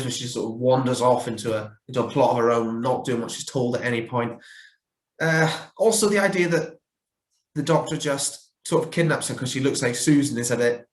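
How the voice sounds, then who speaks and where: A man talks through his rankings in a casual, opinionated way, often pausing on fillers and correcting himself mid-sentence. His voice sits at an ordinary middle pitch. The recording carries a noticeable roomy echo. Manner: opinionated, chatty with frequent fillers and self-corrections. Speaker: fan reviewer ranking characters.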